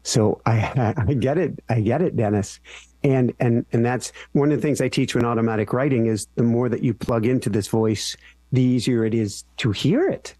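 A man's voice: medium pitch, normal speed, mellow, dry recording. A man who is a guest on a radio talk show, speaking in an earnest, teacherly way. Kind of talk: radio interview.

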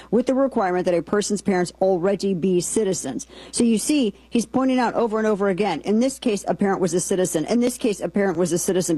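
A woman's voice: fairly low pitch, dark tone, no echo, low-quality recording. A woman hosting a political talk show, giving emphatic, indignant commentary and reading quotes aloud.

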